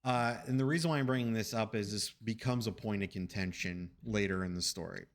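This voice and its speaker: A man streaming from his apartment, telling a long anecdote in a rambling, animated way with restarts and casual swearing. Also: lowish voice, brisk. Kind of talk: casual storytelling chat. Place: home apartment.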